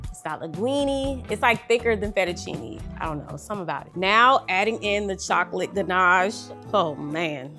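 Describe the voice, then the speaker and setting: A woman hosting a casual cooking vlog, talking animatedly to her viewers as she cooks and tastes. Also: mid-range voice. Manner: animated, talks to viewers as y'all. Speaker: cooking vlogger host.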